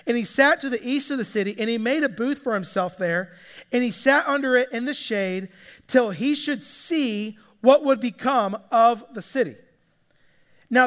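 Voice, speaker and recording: A man's voice: very high-pitched, a bit bright. A man preaching a sermon in a conversational way, often restarting and repeating words. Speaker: pastor. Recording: echoey hall with long reverb.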